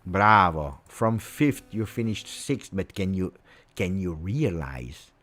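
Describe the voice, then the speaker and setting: A man's voice: low-pitched, big pitch swings, slow pace, a little mellow. A man with an Italian accent hosting a live football reaction, ranting angrily and repeating himself. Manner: angry, repetitive ranting. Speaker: fan channel host.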